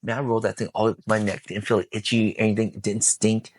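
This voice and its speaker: A man's voice: lowish voice, flat delivery, fast, darkish tone. A man guesting on a podcast, telling an intense personal story with emphatic, profane speech. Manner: intense, emphatic, swears freely.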